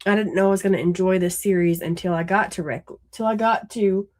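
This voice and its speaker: A woman's voice: mid-range voice, brisk, a little mellow. A woman, a mother of young kids, co-hosting a book podcast in casual chat, rambling and candid, laughing often and swearing freely. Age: adult with young children.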